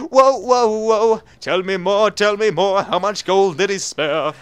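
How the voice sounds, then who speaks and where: A man in his late teens from England, rambling fast and jokily through gameplay commentary, with sudden squeaky jumps in his voice. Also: fairly bright tone, smooth, no echo. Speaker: gaming YouTuber.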